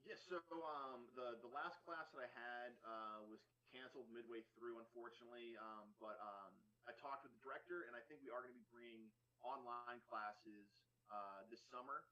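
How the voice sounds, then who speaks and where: Bright-voiced male comedian guest. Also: mid-range voice, moderate pace, few pauses, rough recording. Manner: relaxed, filler-heavy. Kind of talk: casual interview.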